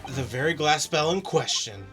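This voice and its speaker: A man's voice: fairly high pitch, normal speed, natural voice. A man reading an earnest young defense lawyer's lines from a game, with game music behind. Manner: reads game dialogue aloud.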